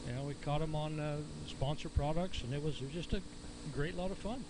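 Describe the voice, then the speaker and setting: An easygoing man with a slightly high voice thanks his wife and sponsors at a weigh-in. Faint outdoor ambience hums behind him. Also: fairly quick, a little mellow, slight background noise, rough recording. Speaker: pro angler.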